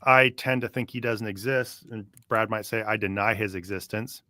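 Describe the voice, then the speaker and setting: A man with a bright, forceful voice hosts a casual podcast, skeptical and dry as he thinks aloud. The sound is close and dry with no room around it. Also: on the low side, steady tone, moderate pace, dry recording. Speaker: podcast host. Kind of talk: casual podcast commentary, reading from a book.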